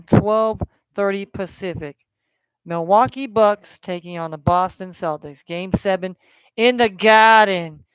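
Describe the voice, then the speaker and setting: Rambling profane West Coast sports bettor. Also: male voice, high voice, clear, resonant tone, dry recording. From California. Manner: rambling, profane, repeats himself. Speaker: sports betting podcast host. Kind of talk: casual sports talk stream.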